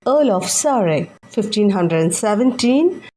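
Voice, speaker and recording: Slow, careful woman teacher. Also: mid-range voice, lively intonation, dark tone, slight background noise, poor audio. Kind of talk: exam-focused literature lesson.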